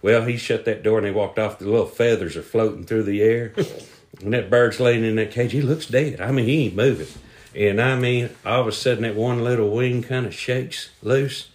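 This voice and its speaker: A man's voice: medium pitch, moderate pace, a little mellow. Guy spinning a folksy joke, drawn out, easygoing. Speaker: storyteller. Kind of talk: casual joke telling.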